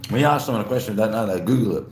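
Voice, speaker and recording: Rapid-fire and slightly mellow, a low-voiced Australian man hosts a loose livestream, eating while he says hello to viewers and responds aloud to their chat. He comes across as laid-back and rambling. Roomy echo and a faint hum color the recording.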